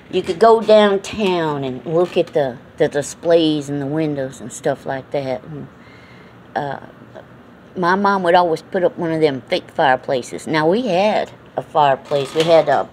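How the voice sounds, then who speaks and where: A middle-aged New England woman reminisces in a casual vlog, her low voice moving a little slowly over a faint hiss or hum. She rambles folksily with plenty of fillers, in an accent that mixes Southern and Northern American.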